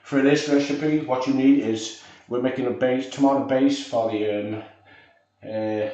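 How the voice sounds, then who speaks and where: A man's voice: mid-range voice, steady tone, a little slow, warm tone. A man with a Yorkshire accent hosting a casual cooking livestream, rambling and talking to himself as he searches his kitchen. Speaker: livestream cook. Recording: very echoey, off-mic, dull sound.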